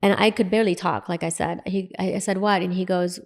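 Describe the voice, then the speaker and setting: A woman's voice: lowish voice, fairly even intonation, quick pace, hardly any pauses. A woman in her forties, a dentist, telling a personal story in an interview and acting out the dialogue as she goes. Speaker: guest, dentist.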